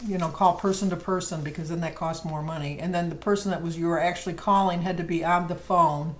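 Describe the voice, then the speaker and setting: A woman's voice: on the low side, steady tone, fast talker, low-quality recording. A middle-aged woman vlogger chatting casually and rambling fondly through a list of questions. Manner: chatty, rambling, fond storytelling. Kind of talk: casual chat.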